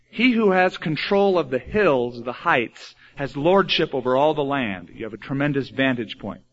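In lo-fi audio, a man whose voice sits a little high delivers a lively sermon. He performs the voices of those he quotes as he preaches.

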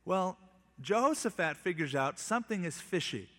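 A man's voice: high-pitched, animated, normal speed, bright, forceful tone, big-room sound. A male preacher teaching from the Bible, reading scripture and retelling it in plain, wry modern terms.

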